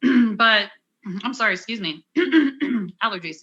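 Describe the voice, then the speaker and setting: Bright-voiced young woman, candid storyteller. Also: on the high side, expressive, slow, dull audio. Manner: candid and conversational, with many fillers and restarts. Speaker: interview guest, cancer survivor. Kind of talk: personal storytelling in an interview.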